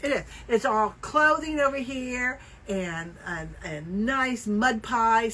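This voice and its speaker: A woman co-hosting a casual knitting podcast, telling stories with lively acted-out quotes. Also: fairly high pitch, slow, rough recording. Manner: animated storyteller, acts out quoted voices. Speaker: podcast co-host. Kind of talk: casual chat.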